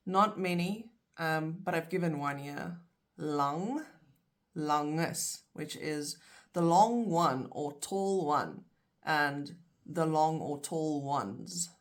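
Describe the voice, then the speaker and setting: A woman teaching vocabulary in a video lesson, saying each word and its plural slowly and carefully, in pairs. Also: sits low. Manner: slow, careful, repeats words in pairs. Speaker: language teacher.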